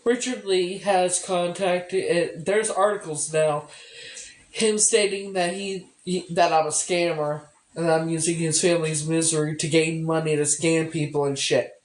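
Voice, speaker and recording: A woman's voice: low-pitched, fairly even intonation, unhurried. A woman venting in a bitter, tearful monologue, swearing heavily and repeating herself. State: upset and tearful. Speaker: vlogger. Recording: echoey room.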